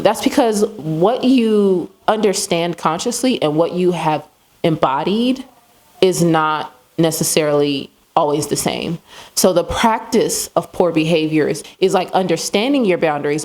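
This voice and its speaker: A woman's voice: deep voice, a little mellow. A woman hosting a casual self-help talk, conversational and loose, with many asides and fillers. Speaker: host.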